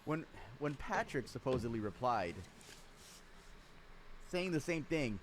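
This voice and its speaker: Lively man narrating true crime. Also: mid-range voice, measured pace, long pauses, slight background noise. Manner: lively storytelling, dry sarcastic asides.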